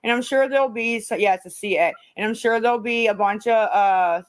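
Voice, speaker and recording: A woman's voice: a little high, a little fast, no room sound, rough recording. A woman chatting casually on a livestream, rambling, repeating herself and swearing freely. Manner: rambling, profane, repetitive.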